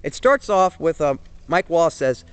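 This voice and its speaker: A young man in his twenties talks straight to the camera, earnest and rambling, full of fillers and restarts. His voice sits a little high. The sound is dry, with almost no room echo. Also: lively intonation, normal speed, clean tone. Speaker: vlogger. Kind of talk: casual opinion monologue to camera.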